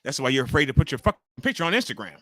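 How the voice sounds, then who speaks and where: Excitable man in his forties, bright voice. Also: mid-range voice, very fast, dry recording, clean studio sound. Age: 40s. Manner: profane, ranting, excitable reactions. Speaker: live stream host. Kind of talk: casual wrestling watch-along commentary.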